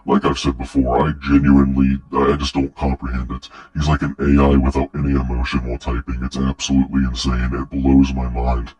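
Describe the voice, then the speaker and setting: Young male commentator, very low voice, a bit off-mic, mocking and foul-mouthed delivery. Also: completely flat delivery, fairly quick, hardly any pauses, recorded from a distance, lo-fi sound. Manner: sarcastic, swears often, mocks the texts he reads out. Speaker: commentary creator. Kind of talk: online commentary.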